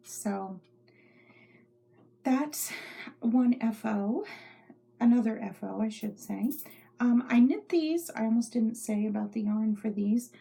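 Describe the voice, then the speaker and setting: A woman's voice: fairly high pitch, slow pace, creaky, long pauses, warm tone, breathy edge. A middle-aged woman hosting a knitting podcast from her home craft room, rambling chattily and often dropping into whispers. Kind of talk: casual show-and-tell chat.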